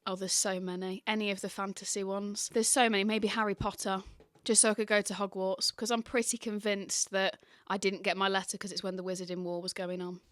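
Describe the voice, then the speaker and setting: A woman who teaches primary school, answering interview questions in a chatty, animated way with many fillers. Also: mid-range voice, fairly quick, few pauses, no room sound.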